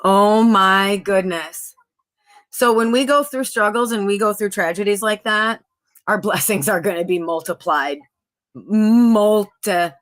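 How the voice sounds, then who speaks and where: A woman's voice: medium pitch, moderate pace, fairly bright tone. A middle-aged woman hosting a live stream, chatting upbeat with viewers and reading out their comments. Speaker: livestream host.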